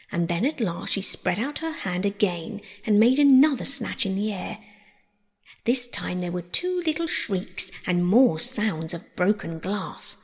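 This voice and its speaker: A woman reading a storybook aloud in an expressive way, acting out each character. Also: mid-range voice, unhurried, slightly rough, in a large hall. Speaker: audiobook reader. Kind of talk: storybook narration.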